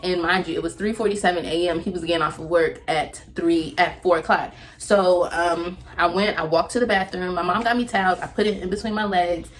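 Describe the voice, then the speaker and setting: A young woman recounts a personal story to her viewers, her voice on the lower side. She rambles and stops to correct herself, with plenty of ums along the way. A faint noise sits under the recording. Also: fairly even intonation, a little fast, few pauses. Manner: rambling, self-correcting, many fillers. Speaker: vlogger.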